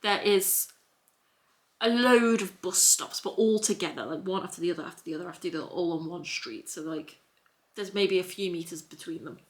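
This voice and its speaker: In a voice on the low side and a little fast, a Scouse vlogger tells a story at home. She's a young woman in a hoodie, and her telling is rambling and repetitive with many restarts.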